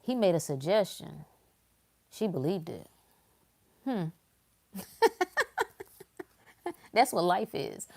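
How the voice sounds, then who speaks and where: A woman's voice: lowish voice, big pitch swings, slow pace, creaky, pauses often, warm tone. Emphatic woman preaching on a livestream. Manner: emphatic and preachy, repeating phrases. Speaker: motivational livestream host. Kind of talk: casual motivational talk to a live audience.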